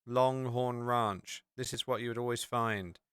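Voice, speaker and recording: A man's voice: medium pitch, fairly even intonation, unhurried, fairly bright tone, clear, resonant tone, no echo. An English man hosting a podcast, chatting casually and rambling with many fillers while he walks through a map on screen. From England. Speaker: podcast host.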